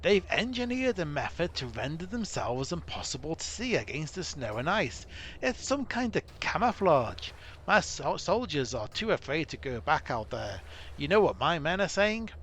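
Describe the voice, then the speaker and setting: A man voicing a troubled male dwarf commander in a rough put-on accent, urgent and blunt. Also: a little high, very animated, moderate pace, a bit bright, slight background noise, voice pushed up.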